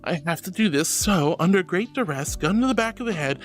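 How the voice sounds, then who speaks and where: A woman streaming as a VTuber archangel persona, chatting casually with her viewers in a playful, dramatic way and turning soft and comforting when she consoles them. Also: sits low, animated, a little fast, soft background music. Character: archangel persona, regal and sweet. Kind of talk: casual livestream chat.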